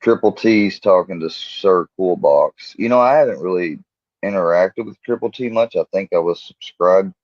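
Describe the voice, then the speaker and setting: Deep-voiced man rambling on a livestream. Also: normal speed, no room sound, highs cut off. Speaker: livestream host. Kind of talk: casual livestream commentary.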